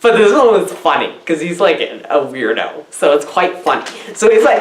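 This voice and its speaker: A woman's voice: on the low side, sing-song, normal speed, few pauses, reverberant. A woman doing an absurd comedy film review, rambling and giggling, her voice swooping up and down erratically.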